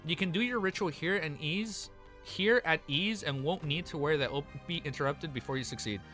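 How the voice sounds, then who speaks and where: A man reading out the lines of a gentle, commanding female cult leader in his own voice, with stumbles. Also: a little high, brisk, soft background music. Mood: calm. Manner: plain read-aloud, stumbling.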